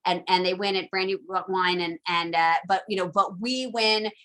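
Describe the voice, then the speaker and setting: A woman's voice: on the low side, fairly even intonation, moderate pace, a bit bright. A woman teaching a casual recorded lecture, chatty and full of asides and fillers.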